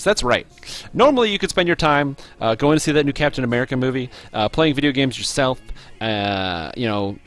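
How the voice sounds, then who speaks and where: Excitable man streaming a game. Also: medium pitch. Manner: rambling, chatty, addresses viewers directly; excitable reactions to gameplay. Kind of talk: casual live-stream commentary.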